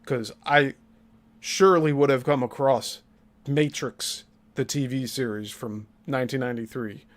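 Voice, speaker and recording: A man's voice: medium pitch, fairly even intonation, measured pace. A man hosting a commentary podcast, breaking down an interview with critical, pointed remarks. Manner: critical, pointed asides to co-host. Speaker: host.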